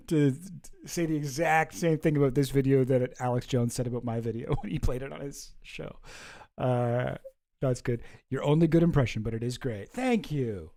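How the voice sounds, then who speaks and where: Chill guy rambling on his stream, mellow voice, laughs a lot. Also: medium pitch, moderate pace, vocal fry. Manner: rambling and chuckling, reacting to chat. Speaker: streamer host. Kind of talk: casual livestream chat.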